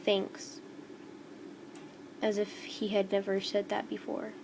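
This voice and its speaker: A woman reading a first-person fan story aloud in a slow, halting way over a noisy home recording. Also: mid-range voice, completely flat delivery, vocal fry.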